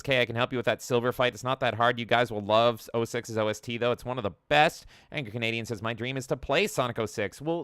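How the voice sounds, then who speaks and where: A man's voice: medium pitch, fairly bright tone, smooth, no echo, studio quality. A man co-hosting a gaming podcast in casual chat, jokingly reading out live chat comments. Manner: chatty, jokey, reads chat comments aloud. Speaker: podcast co-host.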